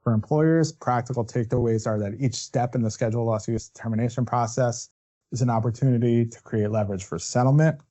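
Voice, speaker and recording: A male workers' compensation defense attorney talks quickly with few pauses in a warm, mid-range voice. He leads a legal webinar through the steps one at a time, checking in with asides such as "right?".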